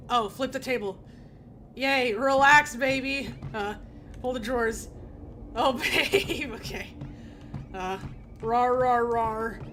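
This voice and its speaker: A woman's voice: on the high side, a bit bright. A woman streaming a video game, reading its text aloud with casual, laughing asides.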